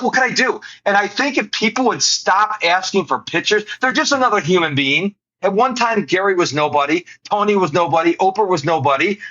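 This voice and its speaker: A man's voice: high voice, pushed and bright, lo-fi sound. A man hosting a podcast interview, talking earnestly about serving others in casual chat. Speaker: podcast host.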